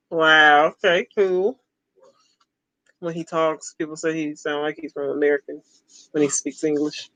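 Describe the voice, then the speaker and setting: A livestream host in their forties, chatting in a relaxed, easygoing way. They chuckle often and toss out short, repeated replies. The sound is close and dry, with no room echo. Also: mid-range voice, slow, pauses often. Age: 40s. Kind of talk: casual livestream chat.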